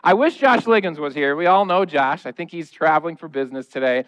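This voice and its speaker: A man's voice: on the high side, fairly quick, fairly bright tone, clear, resonant tone. A man in his thirties, a pastor, preaching a conversational, humorous sermon in a church. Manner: humorous, conversational, acting out noises and quotes. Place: church sanctuary.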